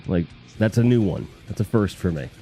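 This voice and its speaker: A man's voice: lowish voice, expressive, a little fast, dark tone, soft background music. A man from the Northeast US, hosting a casual live stream, reading chat comments in a rambling, profane, jokey way.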